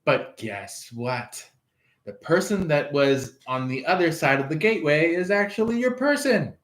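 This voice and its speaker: A man's voice: on the high side, expressive, measured pace, fairly bright tone. A man giving a casual tarot reading, rambling, chuckling and acting out quoted lines. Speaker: tarot reader. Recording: echoey room.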